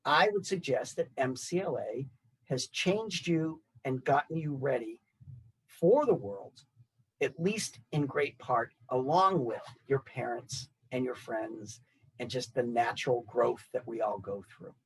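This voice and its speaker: A man in his sixties who graduated from the college, giving a prepared, reflective speech to new graduates and pacing his phrases in measured lists. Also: medium pitch, animated, husky, rough recording. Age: 60s. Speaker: alumni association speaker.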